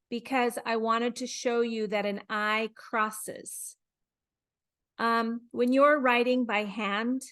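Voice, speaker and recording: Very slow, careful woman teacher. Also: fairly high pitch, a bit bright. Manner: slow, deliberate, demonstrating mouth positions and repeating sounds. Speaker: English teacher. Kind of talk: phonics lesson.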